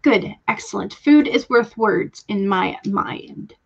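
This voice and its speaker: A woman's voice: mid-range voice, lively intonation, slow pace, vocal fry, breathy edge. Young Southern woman, casual stream host, friendly chatter, muffled lo-fi audio. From Georgia, US. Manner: chatty, greets viewers by name, laughs often. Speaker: livestream host. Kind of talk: casual livestream chat.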